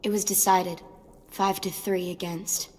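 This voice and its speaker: A woman's voice: lowish voice, level tone, measured pace, darkish tone. Guarded teen survivor girl, blunt and worried; game dialogue with long reverb.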